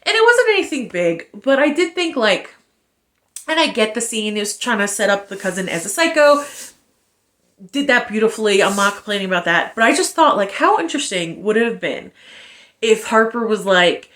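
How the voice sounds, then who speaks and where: A woman giving a casual spoken book review, animated and sarcastic, with exasperated asides and the odd curse. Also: mid-range voice, normal speed.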